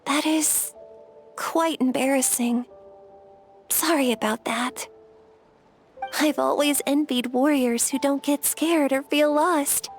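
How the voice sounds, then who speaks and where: A woman voicing a gentle young woman warrior haunted by fear, in earnest, soft-spoken game dialogue. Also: sits high. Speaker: game character. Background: faint game music.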